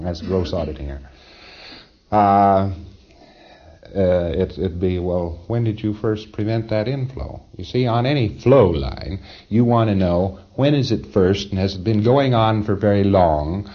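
A man's voice: low-pitched, a little slow, dull audio. A man giving an informal training lecture, conversational and emphatic, often chuckling at his own points.

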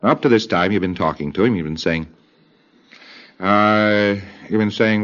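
A man giving a recorded lecture in a deliberate way, acting out bits of dialogue in quoted voices. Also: on the low side, fairly bright tone. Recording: dull lo-fi old tape.

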